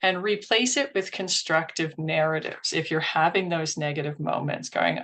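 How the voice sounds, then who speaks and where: Earnest woman presenter with vocal fry. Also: fairly low pitch, normal speed, hardly any pauses, fairly bright tone. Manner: earnest, acts out inner thoughts in quotes. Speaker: workshop presenter. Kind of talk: instructional presentation.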